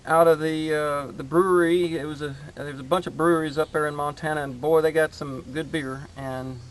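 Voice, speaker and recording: A man hosting his homestead channel chats casually outside in his garden, rambling and halting with plenty of fillers. His voice is a little high and steady in tone.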